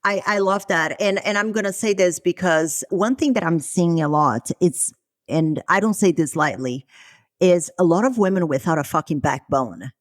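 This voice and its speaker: A woman's voice: on the low side, lively intonation, moderate pace, dry recording, clean studio sound. A woman hosting a podcast, speaking outspokenly and emphatically, with swearing for emphasis. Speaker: podcast host. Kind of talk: conversational podcast interview.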